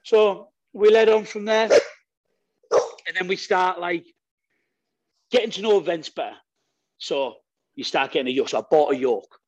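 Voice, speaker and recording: Man, podcast guest, energetic and sweary, fairly high voice, dry sound. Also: moderate pace, pauses often, dry recording, muffled recording. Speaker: guest strongman athlete. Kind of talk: casual podcast chat.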